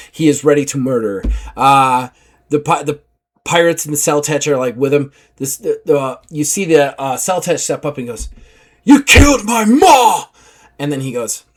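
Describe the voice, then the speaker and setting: A man narrating as game master of a tabletop role-playing game, animated and laughing, bursting into shouted character lines. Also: on the high side.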